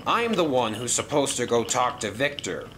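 A man's voice: medium pitch, very animated, moderate pace, fairly bright tone, a little hiss or hum. A man voicing a stubborn young male toy engine who argues insistently. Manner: insistent, argumentative. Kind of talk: toy train story voice acting.

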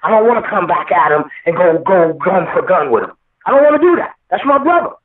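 A man's voice: sits high, big pitch swings, fairly quick. A man telling a long, emotional story in an interview, rambling and swearing often. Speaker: guest rapper. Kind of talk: storytelling interview over the phone. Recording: echoey, far-off phone line.

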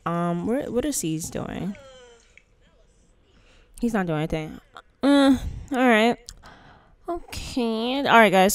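Woman host, casual gameplay chatter, playful and slangy; smooth voice, dry close mic. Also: mid-range voice, no echo. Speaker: gaming channel host.

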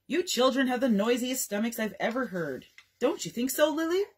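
A woman's voice: fairly high pitch, expressive, normal speed, husky, pitched above the performer's own voice. A woman doing a stern father of a big family. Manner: firm, commanding. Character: stern, proud father of twelve.

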